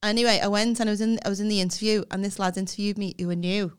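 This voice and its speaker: A woman tells casual, self-mocking stories as a podcast co-host. Her voice is clear and smooth, and she swears now and then while she chats. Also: mid-range voice, flat delivery, rapid-fire. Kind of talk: casual comedic storytelling.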